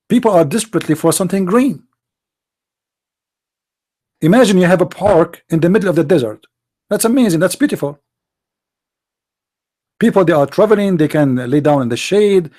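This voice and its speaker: Fairly high-pitched, husky and a little mellow, this man hosts a live online call-in debate. He pushes his point in heated, non-native English, piling on rhetorical questions.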